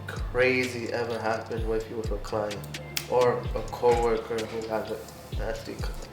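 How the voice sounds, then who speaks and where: A man hosting an interview, putting quick, offhand questions to his guest. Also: lowish voice, flat delivery. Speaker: podcast host. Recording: roomy echo, off-mic, with music.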